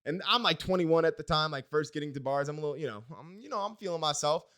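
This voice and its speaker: A man's voice: on the high side, quick pace, a bit bright. Young man, late 20s, casual vlogger, rambling, self-deprecating, salty language. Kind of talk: casual personal vlog storytelling.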